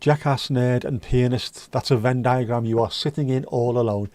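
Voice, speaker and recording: At a moderate pace, a man with a mid-range, slightly mellow voice and fairly even intonation reads chat on his casual livestream. He keeps up joking, foul-mouthed banter with viewers, and the recording has no echo.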